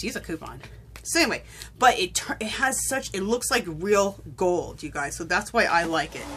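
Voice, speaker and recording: A woman's voice: fairly low pitch, sharp tone, slight background noise. A woman chatting casually to her viewers while demonstrating a craft, with frequent ums. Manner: chatty, addresses viewers as you guys, many ums. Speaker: craft tutorial host.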